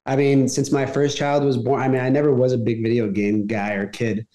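A man in his thirties, a retired athlete and podcast guest, telling stories in a relaxed, casual way and laughing easily. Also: medium pitch, a little fast. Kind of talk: casual conversational interview. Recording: roomy podcast room sound.

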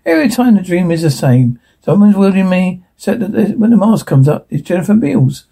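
Gravelly-voiced man reading a script aloud. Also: sits high, brisk. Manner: flat, stumbling read-aloud with stage directions. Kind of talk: one voice reading all parts of a show transcript.

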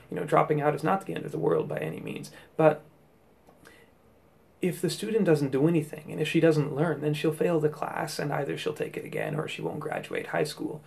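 A man's voice: a little high, gravelly, darkish tone. A man and teacher giving an explanatory talk, reasoning step by step through classroom examples. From United States.

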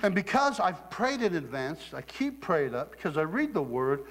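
A middle-aged man from Southeast Ohio preaching a sermon, telling stories with lively acted quotes and laughter. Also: on the high side, normal speed, big-room sound.

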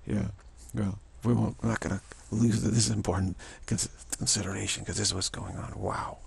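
A man giving a rambling spiritual monologue, halting and repetitive, sometimes dropping to a whisper. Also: lowish voice, little pitch movement, gravelly, breathy edge. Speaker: spiritual vlogger.

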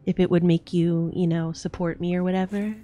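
A woman's voice: on the low side, brisk, soft background music. Chatty young woman streamer, swears a lot. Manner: chatty and excitable, swears freely. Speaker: game streamer. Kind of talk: casual live-stream chat.

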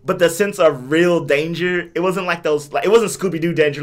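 A man co-hosting a relaxed podcast, his voice a touch higher than most. He talks in an animated way and laughs often. He acts out little bits as he goes. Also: moderate pace. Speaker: podcast co-host. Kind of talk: casual chat.

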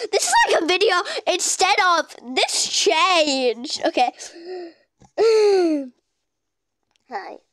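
A woman giving casual, excitable gameplay commentary as a gaming YouTuber, gushing with exclamations. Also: sits high, no room sound, clean studio sound.

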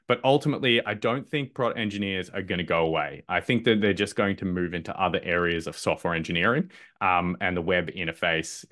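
A man runs a live online masterclass in a fairly low voice. He talks loosely and upbeat, stumbling through restarts and ums as he goes. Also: fairly bright tone. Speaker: masterclass presenter. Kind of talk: live webinar presentation.

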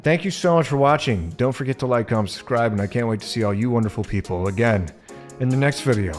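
A man's voice: medium pitch, fast talker, soft background music. A young man giving casual let's-play commentary, squeamish and jumpy, groaning and swearing as he plays. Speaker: gaming video creator.

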